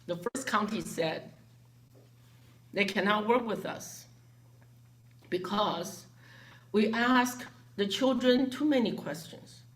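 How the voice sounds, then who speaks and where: A woman's voice: mid-range voice, slow, pauses often, slight background noise. A woman telling a story to a gathering, acting out the voices of the people she quotes. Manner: animated, acts out quoted voices. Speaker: foundation director.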